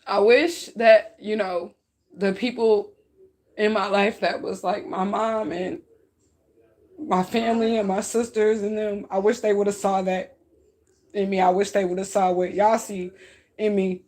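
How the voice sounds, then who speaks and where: A woman's voice: mid-range voice, level tone, a little slow, darkish tone. A woman telling her followers an emotional personal story, raw and outspoken, cursing freely, crying as she talks. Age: adult. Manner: raw, outspoken, profane, tearful at times. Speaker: spiritual reader talking to her followers.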